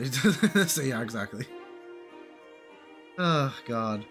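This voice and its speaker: A man streaming a video game, chatting casually and reacting out loud to the story. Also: medium pitch, sing-song, slow pace, soft background music. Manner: chatty, reactive, lots of "like" fillers. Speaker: gaming streamer. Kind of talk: casual playthrough reaction commentary.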